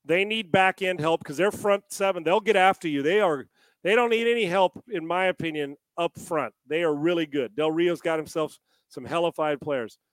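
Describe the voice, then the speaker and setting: A man's voice: on the high side, normal speed, no room sound. Chatty man posing rhetorical questions, dry sound. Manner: rambling, fires off rhetorical questions. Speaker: sports show co-host. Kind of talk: casual sports talk.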